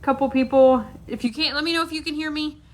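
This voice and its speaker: A woman's voice: high-pitched, fairly even intonation, fast talker. A woman hosting a company livestream, upbeat and casual, greeting viewers by name between fillers.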